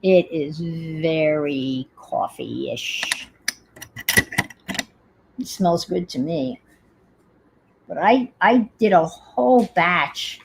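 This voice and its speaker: Woman, New York accent, casual crafting chat, unhurried, slow, gravelly. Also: low voice, very animated, background noise. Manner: chatty, unhurried, thinks aloud. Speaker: crafting livestream host.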